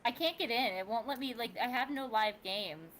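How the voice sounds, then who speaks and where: A woman's voice: a little high, a little fast, fairly bright tone, slight background noise, rough recording. A woman co-hosting a casual livestream, flustered as she talks through a technical problem. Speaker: livestream co-host. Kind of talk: casual group chat on a livestream.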